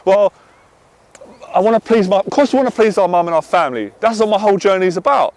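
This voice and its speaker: A man coaching on dating, talking intensely, swearing and then calming himself down. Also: high voice, fast talker. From half Irish. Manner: intense, swears, swings from loud to quiet. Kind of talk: passionate monologue to camera.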